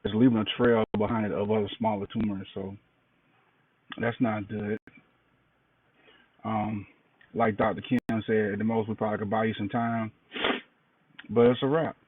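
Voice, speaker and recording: A tired middle-aged man giving a plain-spoken, halting update in a casual video diary. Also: flat delivery, breathy edge. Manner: low-key, plain-spoken, halting with fillers. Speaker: cancer patient sharing an update. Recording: distant, phone-like, noisy recording.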